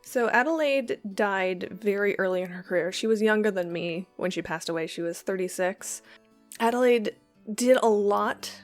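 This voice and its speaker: Woman poetry host, medium pitch: soft reading that fades to whispers, then a quick, casual explainer with fillers. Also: soft background music. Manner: reads the poem softly, sinking into whispers at line ends; chatty, quick asides with ums and uhs. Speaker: poetry reader and lecturer.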